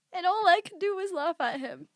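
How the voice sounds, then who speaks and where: Brief: high-voiced, animated woman co-host, blunt and profane, laughs often. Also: dry recording, studio quality. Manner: blunt, swears, laughs a lot. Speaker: podcast co-host. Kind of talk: casual chat.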